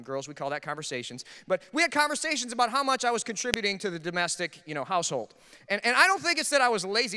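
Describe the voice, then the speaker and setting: A man's voice: high voice, sharp tone, smooth, in a large hall. A man preaching a sermon as pastor, telling humorous, self-deprecating stories about married life. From Minnesota. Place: church sanctuary.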